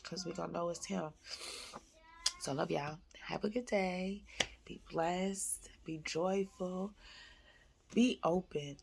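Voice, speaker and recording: A woman, chatting with viewers at home in a casual faith-based vlog, animated and calling them y'all. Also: fairly low pitch, slow, creaky, pauses often, noisy background. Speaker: vlogger, mother. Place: at home, indoors.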